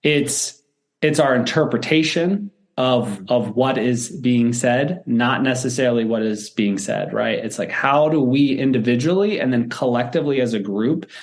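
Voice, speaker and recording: A man's voice: mid-range voice, moderate pace. A man, a former football coach, answering interview questions in an earnest, reflective way with many restarts and tag questions.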